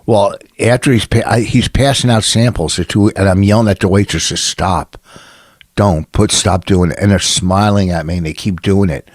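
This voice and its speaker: A man's voice: lowish voice, fairly even intonation, normal speed, hardly any pauses, dry recording, studio quality. A male comedian co-hosting a podcast, ranting with lots of swearing and acting out what other people said. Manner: ranting, profane and indignant; acts out quotes of other people. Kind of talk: casual podcast chat.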